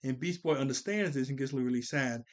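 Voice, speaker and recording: This man, a show reviewer, speaks in a mid-range voice at a slightly quick clip. Worn out after a long recording day, he rambles through a recap of a cartoon episode, correcting himself as he goes and raising his voice to act out the characters' lines.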